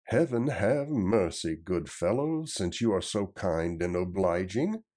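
A man's voice: deep voice, big pitch swings, measured pace, darkish tone, heavily acted. Man doing a proud, courtly outlaw leader. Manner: formal, old-fashioned courtly speech, raised and emphatic.

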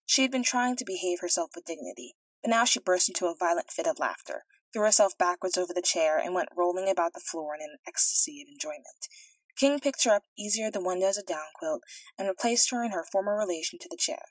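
Woman, storybook narration, measured reading, dry sound, slightly distant mic. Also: lowish voice, expressive, dry recording. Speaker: audiobook reader.

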